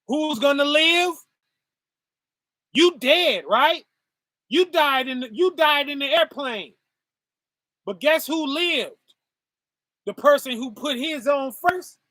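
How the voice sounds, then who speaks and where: Man, preacher, informal sermon, very high voice, unhurried delivery. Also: pushed and bright, dry recording, studio quality. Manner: call-and-response asides, laughs while preaching.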